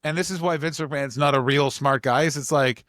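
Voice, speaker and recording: A man co-hosting a podcast, telling stories in an animated, ranting way full of swearing. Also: fairly high pitch, a little fast, dry recording, clean studio sound. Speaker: podcast co-host. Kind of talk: casual comedic chat.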